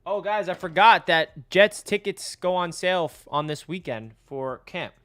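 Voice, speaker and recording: A young man from the United States hosting a casual live stream, chatty and rambling, answering viewers and now and then breaking into excited yells. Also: high voice, moderate pace, no room sound. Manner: excitable, rambling, bursts into yelling.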